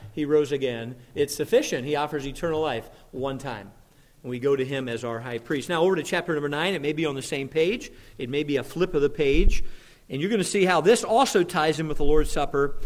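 A man pastor leading a church prayer and then reading scripture slowly, with strong emphasis on key words. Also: on the high side. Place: church sanctuary.

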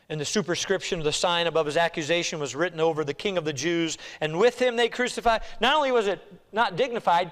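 Male pastor, slightly high voice, dramatic preaching that drops to a hush and builds loud, recorded in a reverberant church. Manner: dramatic, swings between hushed and loud. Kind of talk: sermon. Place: church sanctuary.

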